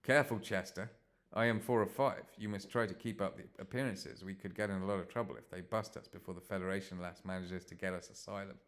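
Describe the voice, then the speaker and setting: A man voicing gruff male cyborgs in a put-on Yorkshire accent, with blunt, folksy, grumbling talk. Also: deep voice, steady tone, fast talker, a bit bright.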